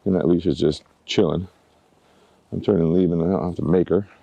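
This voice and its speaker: A man's voice: low-pitched, fast talker, creaky, no room sound, highs cut off. A man who trains dogs, talking casually to a handheld camera outdoors while he walks his dogs and coaxes them with pet names. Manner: relaxed, chatty, coaxing dogs with pet names. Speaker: dog trainer. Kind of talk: casual vlog narration while walking dogs. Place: outdoors in a yard by woods.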